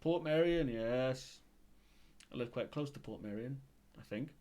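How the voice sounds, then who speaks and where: A man's voice: medium pitch, unhurried, dark tone. A Welsh man hosting a live stream, chatting casually with his chat and making wry asides. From Wales.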